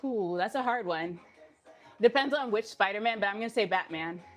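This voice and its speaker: A woman's voice: medium pitch, moderate pace, fairly bright tone. A woman fitness instructor chatting casually with viewers on a live stream, upbeat and laughing often, a little out of breath. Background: faint music.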